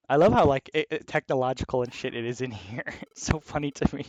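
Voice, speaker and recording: A man giving casual commentary as he plays a video game, excitable and swearing freely. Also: mid-range voice, fast talker, few pauses, no echo, highs cut off. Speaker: let's play host.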